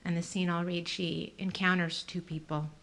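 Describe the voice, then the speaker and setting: A woman author giving a measured, low-key reading from her novel at a library event. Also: flat delivery, fairly bright tone. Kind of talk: reading fiction aloud.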